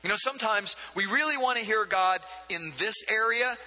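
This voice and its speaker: A male pastor delivers a casual, conversational sermon, breaking into asides and repeating words as he thinks. His voice sits high and sounds very bright and sharp. It carries a long reverb, like a large church sanctuary. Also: normal speed, soft background music.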